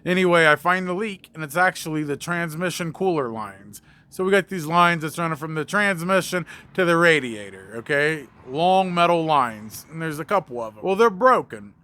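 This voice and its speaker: A man's voice: on the high side, expressive, normal speed, few pauses, pushed and bright. A man who works as a mobile mechanic, telling a story casually, with blunt, profane, conversational talk.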